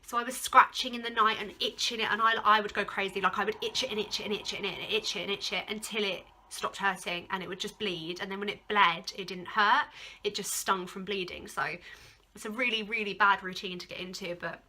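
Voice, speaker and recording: A woman's voice: medium pitch, fairly even intonation, fairly quick, bright, forceful tone. A young woman, talking casually to camera as a vlogger, rambling with many fillers as she recounts a personal ordeal. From England. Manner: rambling, heavy use of "like", emotional at moments. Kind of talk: casual storytime vlog.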